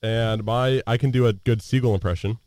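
A man's voice: medium pitch, fairly even intonation, fairly quick, a little mellow, no room sound. A man in his twenties from Colorado co-hosting a student radio show, laid-back and teasing. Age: 20s. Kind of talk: casual chat.

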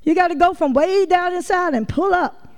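Woman preacher with a high voice, lively and folksy, addressing the congregation directly in a sermon. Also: moderate pace.

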